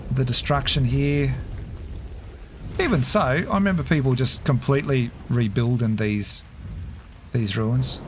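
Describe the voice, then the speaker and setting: A middle-aged man, casually commentating a game on a live stream, chatty and quick to laugh as he thinks aloud. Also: mid-range voice, slight background noise.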